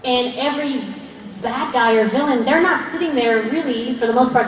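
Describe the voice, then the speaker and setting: An actress at a fan convention panel, speaking earnestly and passionately with frequent laughs. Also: female voice, high-pitched, measured pace, background noise. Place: large convention hall. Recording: echoey hall, voice far off, faint crowd ambience.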